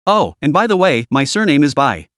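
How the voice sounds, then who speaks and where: A composed, self-assured rich young man, read out by a man. His delivery swings lively in pitch and sits close and dry on the mic. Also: a little fast, no room sound.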